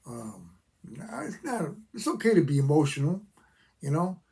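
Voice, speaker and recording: A man's voice: a little high, very animated, normal speed, vocal fry, a little mellow, husky. An older man, a veteran, ranting passionately to his channel's viewers, talking emphatically and repeating himself. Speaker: veteran YouTuber. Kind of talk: opinion rant to camera.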